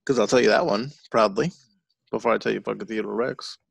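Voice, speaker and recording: In a casual movie-review podcast, this co-host talks a little fast in a lowish voice with fairly even intonation and vocal fry. He's sarcastic and profane, tossing in joking asides, and there's no room sound on the recording.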